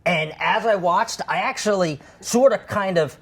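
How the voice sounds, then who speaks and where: A man's voice: high-pitched, measured pace, creaky, husky. A man, a guest in a casual chat, chiming in with agreeable short replies.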